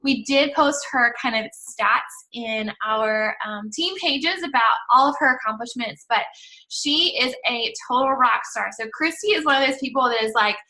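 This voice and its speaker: High, bright, upbeat woman host. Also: moderate pace, low-quality recording. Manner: upbeat, effusive, welcoming. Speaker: team leader and call host. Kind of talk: hosting a team call. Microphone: online call.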